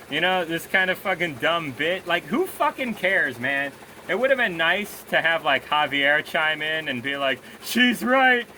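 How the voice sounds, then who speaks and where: A man's voice: a little high, sharp tone, a little hiss or hum. A man ranting in a casual, profane video review, scornful and sarcastic. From Korea. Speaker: movie reviewer.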